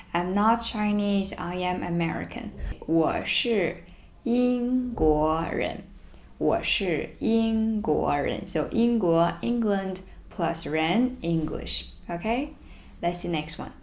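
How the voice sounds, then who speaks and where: A woman teaching a beginners' Mandarin lesson, reading each sentence twice slowly and explaining it in English. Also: lowish voice, a little mellow. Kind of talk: language lesson.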